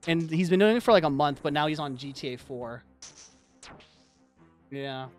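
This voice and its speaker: A man's voice: on the high side, moderate pace, soft background music. A man streaming live, chatting casually and rambling, with lots of "like" as he tells stories. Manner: rambling, heavy use of "like", animated storytelling. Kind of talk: casual livestream chat.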